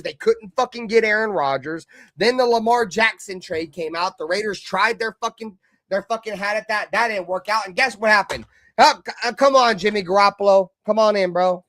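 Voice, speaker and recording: A man co-hosting a heated fan sports stream, cursing and swinging between loud outbursts and low mutters. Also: no echo, studio quality. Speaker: co-host of a fan sports show.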